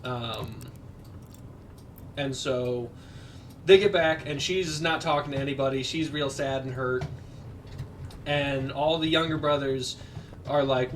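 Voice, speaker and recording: A man's voice: medium pitch, distant mic, slight background noise. A man casually retelling a movie plot while playing a game, rambling with lots of fillers and quoted lines. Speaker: podcast co-host.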